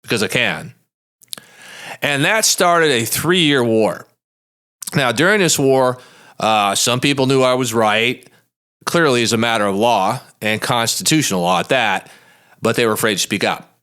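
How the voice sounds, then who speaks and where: A man's voice: medium pitch, normal speed, fairly bright tone, clear, resonant tone. A man, a lawyer hosting his own show, telling a story in a blunt, folksy, emphatic way in a monologue podcast. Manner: plain-spoken and blunt.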